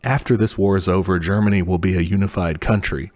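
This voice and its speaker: A young man co-hosting a podcast, telling history in a loose, profane way and putting on quick mock voices for the people in it. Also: deep voice, fairly even intonation, a little mellow. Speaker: podcast co-host. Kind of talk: casual history chat.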